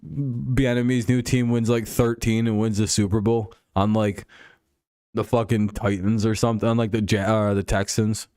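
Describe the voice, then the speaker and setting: A man's voice: lowish voice, little pitch movement, moderate pace, warm tone, clear, resonant tone, dry recording, studio quality. A man hosting a casual stream, rambling and joking crudely about sports. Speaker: streamer host.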